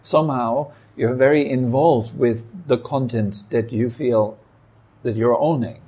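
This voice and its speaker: Calm, mellow-voiced male meditation teacher. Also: medium pitch, husky. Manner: calm, reflective, speaks in short phrases with pauses. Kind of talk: dharma talk. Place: meditation hall.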